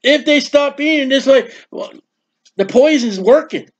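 High-voiced preacher on a dull recording. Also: male voice, unhurried. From United States. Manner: folksy storytelling with acted quotes. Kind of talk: sermon.

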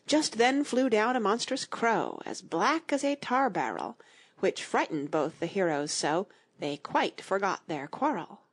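A woman reading a children's audiobook aloud in an expressive, storytelling manner. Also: mid-range voice, unhurried, breathy edge. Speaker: audiobook narrator.

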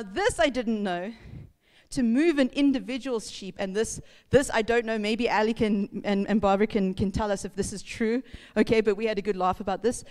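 A woman pastor, telling a lively story in a casual sermon, laughing and acting out sounds. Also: on the high side, clean tone. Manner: chatty, laughing, acts out sounds and voices. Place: church hall. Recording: reverberant church hall.

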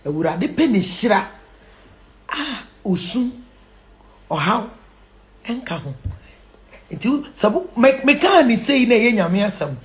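A Ghanaian woman giving a preachy moral lecture, mixing Twi and English, jumping from shouts down to hushed near-whispers. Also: a little high, sing-song, measured pace, long pauses. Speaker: social commentator.

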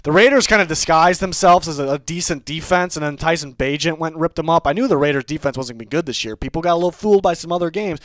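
A man's voice: on the high side, fast talker, hardly any pauses, fairly bright tone, dry recording. Brash joking man on a sports show. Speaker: podcast co-host. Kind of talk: casual sports chat.

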